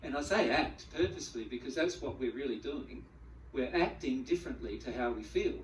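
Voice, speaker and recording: A man giving a spiritual teaching talk to a group, animated, acting out the feelings he describes and often repeating words as he goes. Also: medium pitch, brisk, a little hiss or hum. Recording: echoey room, mic at a distance.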